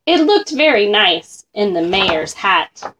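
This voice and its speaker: Slow, sing-song storybook reader, woman. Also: mid-range voice, very animated, a bit bright, slight background noise. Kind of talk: children's picture book read-aloud.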